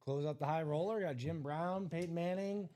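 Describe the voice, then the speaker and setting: A slightly high male voice with a dry, teasing delivery. He co-hosts a live break stream and keeps up casual banter and ribbing with the host. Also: normal speed, dark tone, slight background noise.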